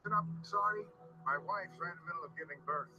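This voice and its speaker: Brief: actor as an apologetic, hurried expectant father, bright tone, dull lo-fi clip. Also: a little high, husky, no echo, full character voice. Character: hurried adult man whose wife is in labor.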